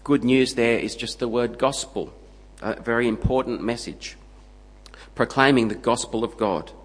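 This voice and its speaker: A man preaching a sermon, emphatic and steady, building his points into punchy lists. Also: medium pitch, moderate pace, big-room sound, low-quality recording.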